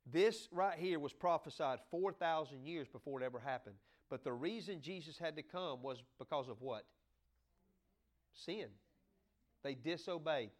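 A man with a high voice and a drawl preaches to his church. He talks in a folksy, joking way and now and then bursts out loud. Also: moderate pace. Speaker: pastor. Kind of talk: sermon.

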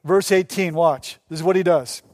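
A male pastor preaching a sermon, animated, acting out quoted dialogue with restarts. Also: fairly high pitch, moderate pace, no room sound, studio quality.

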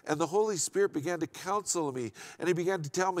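Earnest pastor, a man with a slightly high voice. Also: fast, hardly any pauses. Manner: earnest, emphatic, repeats key phrases and restarts. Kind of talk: sermon.

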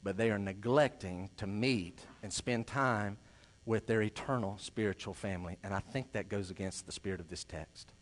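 A male pastor preaching a sermon, swinging between loud emphasis and quiet asides. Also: fairly low pitch, moderate pace, slight background noise.

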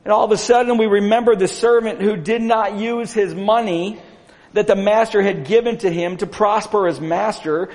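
A man's voice: high voice, a little mellow. A male pastor preaching a sermon earnestly, asking his congregation rhetorical questions. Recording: long hall reverb.

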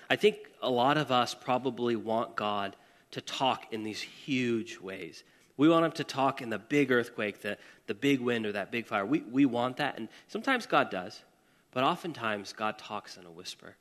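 A man preaching in a relaxed, conversational way, mid-pitched and easygoing. He talks to the congregation directly and drops in casual asides. His voice carries a long reverb from a church hall. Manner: casual and chatty, with asides and audience questions. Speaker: pastor. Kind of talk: conversational sermon.

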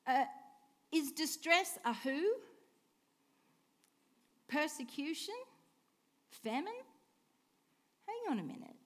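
A woman preaching a sermon, asking rhetorical questions and swinging between hushed and emphatic lines. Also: sits high. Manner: expressive, swings from soft hush to emphatic declaring; slow, deliberate delivery with rhetorical questions.

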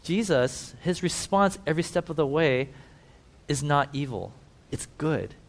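A man preaching a sermon who tells the story vividly, swings between emphatic and hushed, and talks directly to his listeners. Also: on the high side, lively intonation, a little slow. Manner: conversational asides to listeners.

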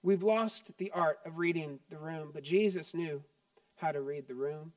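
A middle-aged man preaching a sermon as pastor, conversational and joking, turning quiet and earnest. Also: fairly high pitch, moderate pace, no room sound, distant mic.

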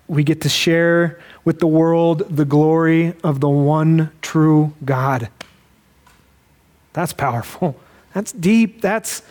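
A young man preaching a sermon, emotional and halting, close to tears as he speaks to his daughter. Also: a little high, darkish tone. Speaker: pastor.

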